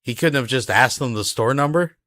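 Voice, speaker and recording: A man's voice: medium pitch, fairly quick, fairly bright tone, no room sound, studio quality. A man sarcastically reacting to a video, incredulous and mocking. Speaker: commentator reacting to a clip.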